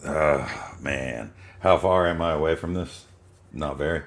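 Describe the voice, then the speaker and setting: A man's voice: extremely low pitch, unhurried. A man playing a tabletop game, laid-back with short replies. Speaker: player. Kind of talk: casual tabletop play.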